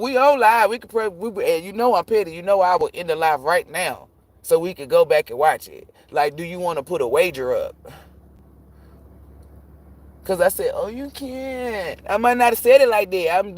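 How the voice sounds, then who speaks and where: A man reading tarot on a live stream, ranting casually and profanely, rambling and cutting himself off, jumping between loud bursts and low muttering. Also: no echo. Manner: profane, rambling, self-interrupting; animated, jumps between shouting and muttering.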